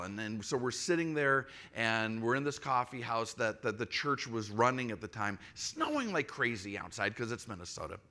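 A man in his forties preaching a sermon in a relaxed, storytelling way with frequent restarts. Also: medium pitch. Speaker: pastor.

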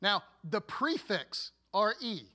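High-voiced pastor preaching slowly. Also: male voice, big pitch swings, pushed and bright. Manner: earnest and deliberate, with playful asides. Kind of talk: sermon.

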